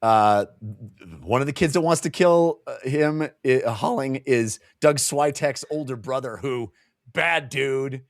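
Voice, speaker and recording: Here a co-host with a mid-range voice takes his time, retelling the book's plot while performing the characters' dialogue and frequently breaking into laughter. His animated delivery comes through on a clean, dry studio track.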